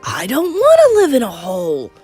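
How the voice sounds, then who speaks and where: A woman voicing a loudmouthed, greedy, spoiled boy who has been turned into a mouse, shouting indignantly in a storybook read-aloud. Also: mid-range voice, sing-song, normal speed, breathy edge, faint music behind.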